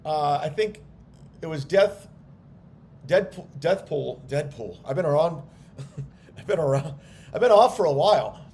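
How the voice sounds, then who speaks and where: Comedian on a livestream rant: a higher male voice, blunt, fed-up and defensive. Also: lively intonation, unhurried, pauses often, darkish tone. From United States. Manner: annoyed, defensive, blunt with frequent swearing. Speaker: stand-up comedian.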